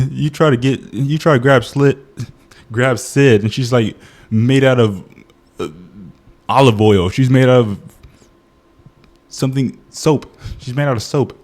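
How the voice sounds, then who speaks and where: A man's voice: fairly low pitch, a little mellow. Exasperated man ranting about a movie. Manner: exasperated, repetitive ranting with frequent laughs and restarts. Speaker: movie reviewer. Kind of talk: casual comedic movie review rant.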